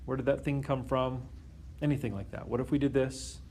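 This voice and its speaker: A man's voice: medium pitch, fairly even intonation, fairly quick, darkish tone, slight background noise. A man teaching a calculus lesson to a class, often stopping to question the students and check that they follow. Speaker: math teacher.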